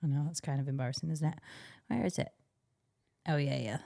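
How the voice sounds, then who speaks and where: A woman's voice: low-pitched, a little fast, vocal fry, mellow. A young woman hosting a podcast, chatting casually and rambling with frequent laughs. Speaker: podcast host. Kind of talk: casual chat.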